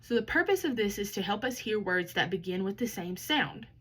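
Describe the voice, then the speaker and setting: Woman teaching kindergarteners, slow and sing-song. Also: medium pitch, lively intonation, fairly bright tone, rough recording. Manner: slow, exaggerated word sounding for young children. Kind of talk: kindergarten lesson.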